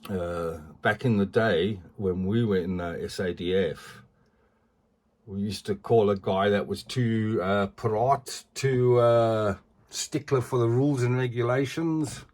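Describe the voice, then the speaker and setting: A man's voice: fairly low pitch, slow, darkish tone. A middle-aged man, chatting casually as he reviews collectible figures and often ends sentences with "eh".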